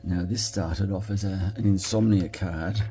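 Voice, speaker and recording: An Australian man talking casually as he makes a card, thinking aloud and quietly murmuring approval at his work. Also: low voice, steady tone, a little slow, a little hiss or hum. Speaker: card-making crafter. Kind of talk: casual commentary while crafting.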